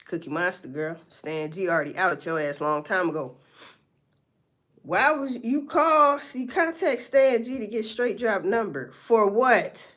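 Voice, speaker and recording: A woman's voice: medium pitch, expressive, measured pace, fairly bright tone. A woman doing casual livestream commentary, blunt and profane as she talks through a story. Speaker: livestream host.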